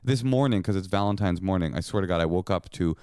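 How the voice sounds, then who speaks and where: A man's voice: low-pitched, fast, dark tone, smooth, no echo, studio quality. A man co-hosting a podcast, bickering with his wife in a sarcastic, mock-indignant comedic chat. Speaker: podcast co-host.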